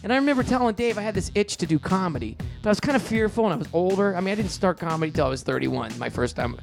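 Middle aged guy rattling off stories, gravelly voice, faint music under it. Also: sits high. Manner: animated, quick storyteller who acts out quotes in a raised voice. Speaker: comedian and show producer, guest. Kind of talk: casual storytelling in a podcast interview.

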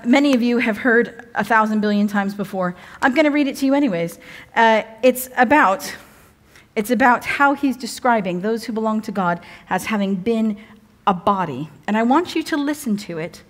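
Chatty woman preaching, higher voice. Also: lively intonation, moderate pace. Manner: chatty, humorous, self-interrupting. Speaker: guest preacher. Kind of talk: sermon. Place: church evening service.

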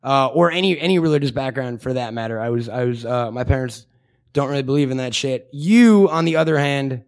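A man's voice: medium pitch, a little fast. A young man co-hosting a podcast, rambling and mocking in crude, swear-filled comic chat. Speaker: podcast co-host.

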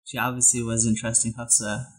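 Male host for a casual group talk: husky tone, even and level delivery, relaxed storyteller. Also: mid-range voice, normal speed, low-quality recording. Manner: laughs easily, relaxed storytelling.

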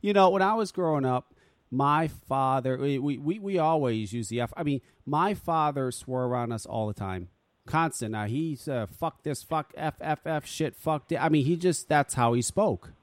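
A man's voice: medium pitch, lively intonation, normal speed, no echo. Chill guy hosting a radio show, swears a lot, dry no-room sound. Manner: laid-back, profane, laughs often. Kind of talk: casual talk radio.

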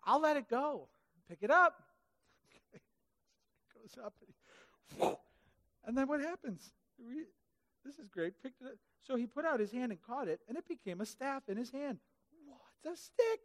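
A man preaching a sermon in a church hall, animated and comic, acting out the Bible characters in funny voices. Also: very high voice, normal speed, long pauses. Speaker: pastor. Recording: hall reverb.

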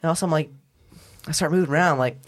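Animated young man telling a wild story. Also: on the high side, racing. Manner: animated, swearing, laughing often, slangy. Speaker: guest. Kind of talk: casual storytelling chat.

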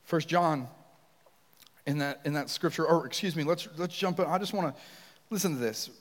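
A man preaches a sermon in a church, slipping into lively personal stories and questions for the congregation. His voice sits fairly high for a man. A long reverb from the hall trails each phrase. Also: normal speed. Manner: storytelling, animated, asks congregation questions. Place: church sanctuary.

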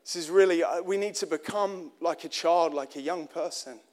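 Guy preaching, kinda high voice, chatty and earnest, keeps restarting and asking the crowd stuff. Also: normal speed. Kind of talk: sermon.

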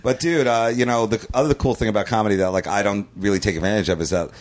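A man with a low voice sits in on a podcast as a comedian guest. He rambles loosely, drifts off mid-sentence and picks the thread back up. Now and then he breaks into a laugh at his own tales. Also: quick pace. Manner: rambling, trailing off, many fillers and restarts. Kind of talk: casual podcast chat.

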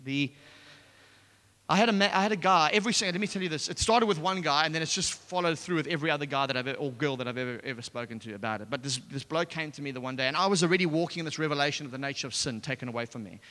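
A man gives a sermon, breaking into a personal story with lots of restarts and animated asides. His voice sits a little high and sounds bright and forceful. The recording has the long, echoing ring of a large hall. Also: rapid-fire. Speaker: preacher. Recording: echoey hall.

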